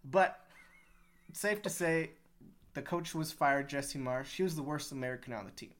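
A man's voice: a little high, moderate pace, fairly bright tone. A man from Utah co-hosting a sports podcast, giving news with dry, wry humor. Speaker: podcast co-host. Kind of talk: casual sports chat.

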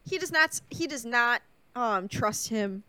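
A woman co-hosting a casual movie chat, chiming in with wry, quick quips and agreement. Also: a little high, lively intonation, sharp tone, smooth. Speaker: podcast co-host.

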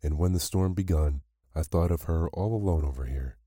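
A man voicing a shamefaced, trembling village man who speaks in a halting, earnest way. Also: low-pitched, mellow, breathy edge, dry recording, clean studio sound.

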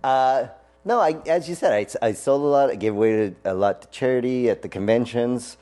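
A man guesting on a casual interview, chatting and telling anecdotes, quick to laugh. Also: mid-range voice, warm tone.

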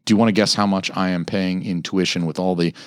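This man talks fast, hosting a podcast in his thirties with studio-quality audio and no echo. He's animated and foul-mouthed, ranting casually and imitating other people's lines in a raised voice.

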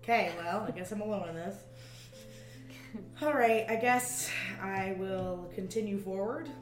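A woman's voice: mid-range voice, measured pace. A woman playing a tabletop game, chatty and playful, thinking her moves out aloud. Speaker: player. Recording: roomy echo with faint music.

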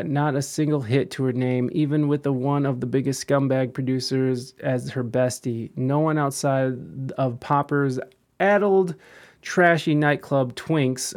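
A man's voice: mid-range voice, moderate pace, darkish tone. A young man giving rambling, crude and profane casual commentary as a vlogger.

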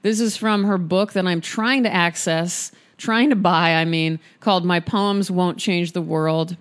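A woman with a husky, worn voice sitting a little low in pitch reads poetry for her podcast. She takes the lines slowly and expressively, then slips into loose, playful asides between poems. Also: steady tone. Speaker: podcast host reading poetry. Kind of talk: casual poetry reading podcast.

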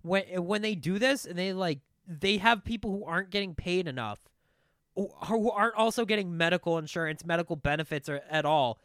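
A man's voice: sits high, fairly quick, dry recording, studio quality. A young man co-hosting a casual podcast, ranting with lots of swearing. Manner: animated ranting, heavy swearing. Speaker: podcast co-host. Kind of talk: casual chat.

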